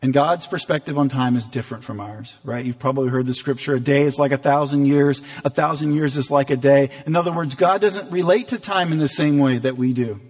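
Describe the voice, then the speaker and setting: A man preaching a sermon as pastor, earnest and animated, sometimes acting out the voices in the story. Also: mid-range voice, a little fast, few pauses. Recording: long hall reverb.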